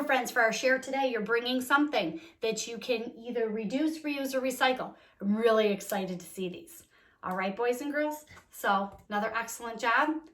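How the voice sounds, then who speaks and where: A young woman teaching a remote lesson to small children, cheerful and encouraging, speaking slowly and clearly. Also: a little high, a bit bright. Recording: echoey room.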